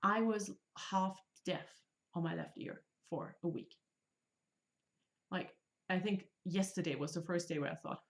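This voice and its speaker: A woman's voice: on the low side, measured pace. A woman in her thirties hosting a casual craft podcast, talking with chatty enthusiasm and joking about herself. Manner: chatty, enthusiastic, self-deprecating jokes. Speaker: podcast host. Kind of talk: casual chat.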